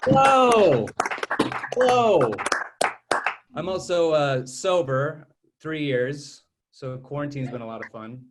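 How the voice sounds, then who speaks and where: A man's voice: mid-range voice, fairly even intonation, measured pace, very noisy. A man doing a rambling stand-up set over a video call, laughing at his own jokes. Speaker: stand-up comic.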